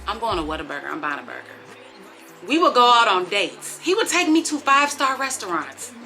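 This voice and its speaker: A woman, telling dating stories in a sassy, animated way, swinging between hushed disbelief and loud exclamations. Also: fairly high pitch, brisk, faint music behind. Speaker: vlogger. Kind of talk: casual storytime vlog.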